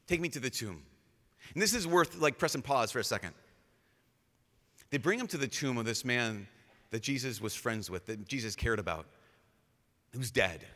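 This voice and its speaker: A man, a priest, giving a lively storytelling talk with casual fillers, acting out quotes in changing voices. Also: mid-range voice, normal speed, pauses often. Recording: live talk with long hall reverb.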